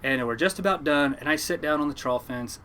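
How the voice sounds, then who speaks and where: Fast-talking man telling fishing stories. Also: on the high side, a little hiss or hum. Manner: animated yarn-spinner, laughing at his own story. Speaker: fishing boat captain, podcast guest. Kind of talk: casual storytelling.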